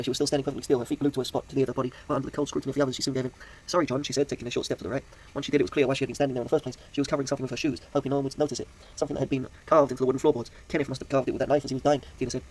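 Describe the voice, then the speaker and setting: A man's voice: medium pitch, a little mellow, low-quality recording. A man reading a mystery story aloud, correcting his own slips as he goes. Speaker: narrator.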